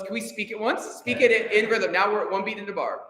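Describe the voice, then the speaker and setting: Upbeat high-voiced choir director, echoey hall. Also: male voice, fairly quick, few pauses, pushed and bright. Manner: upbeat, encouraging, counts beats aloud. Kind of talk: choir rehearsal instruction. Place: rehearsal hall. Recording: echoey hall with long reverb.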